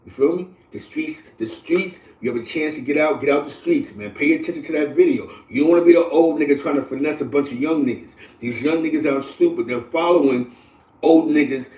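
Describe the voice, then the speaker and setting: Animated New man, roomy and distant. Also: fairly high pitch, fairly quick. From the Bronx, New York. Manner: animated, preachy street slang, keeps asking "you know what I'm saying". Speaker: livestream host. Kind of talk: casual livestream talk to viewers.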